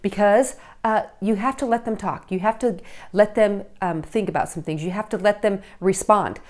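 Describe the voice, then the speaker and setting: A middle-aged woman, a teen relationship coach, giving parenting advice straight to camera in a chatty, animated way, often checking in with "okay?" and acting out parents and teens. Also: medium pitch, moderate pace.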